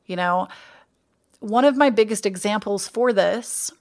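A woman's voice: medium pitch, unhurried, darkish tone. Earnest woman podcasting solo. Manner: earnest, conversational, reflective. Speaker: podcast host. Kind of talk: casual solo podcast talk.

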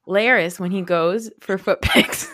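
A man's voice: sits high, a little slow, sharp tone, dry recording, clean studio sound. A man co-hosting a podcast, rambling and gossipy in casual recap chat, full of fillers. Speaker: podcast co-host.

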